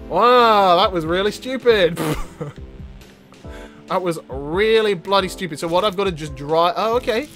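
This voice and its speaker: A man giving animated, joking gameplay commentary to his viewers. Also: sits high, unhurried, pauses often, faint music behind. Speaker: gaming YouTuber.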